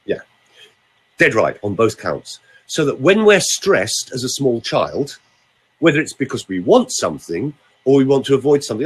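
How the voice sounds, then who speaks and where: A man's voice: medium pitch, big pitch swings, moderate pace, breathy edge. An older man, a vocal coach talking in a theatrical, teasing way on a podcast. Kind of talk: casual podcast chat with voice demonstrations.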